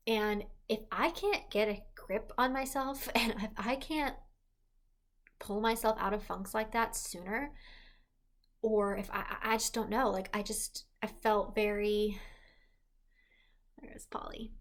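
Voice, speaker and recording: Young woman vlogger, pregnant, mid-pitched, candid and rambling, loose conversational flow. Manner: rambling, heavy use of "like", self-correcting. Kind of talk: casual confessional vlog.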